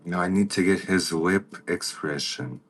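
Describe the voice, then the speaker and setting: A man doing a makeup transformation on a livestream, talking casually to viewers and now and then greeting them by name in an excited high voice. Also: unhurried. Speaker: makeup artist vlogger.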